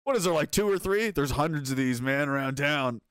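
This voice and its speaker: A man streams loose, rambling commentary in a fairly high voice, restarting sentences, swearing freely and chuckling between thoughts. His voice sits close and dry, with no room sound around it. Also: animated, fairly quick, fairly bright tone, clear, resonant tone, dry recording. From North America. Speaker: streamer reading chat. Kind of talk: casual commentary.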